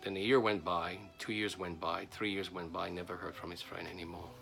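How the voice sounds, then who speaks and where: A man tells a folk tale with a low, gravelly voice. His telling is animated and bright, swinging between loud and hushed, with faint music behind. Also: a little fast. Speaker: storyteller.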